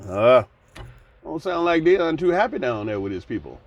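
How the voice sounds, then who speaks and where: Man in his sixties, slightly high voice, blunt folksy rant, sighing, casual commentary. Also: very animated, moderate pace. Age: 60s.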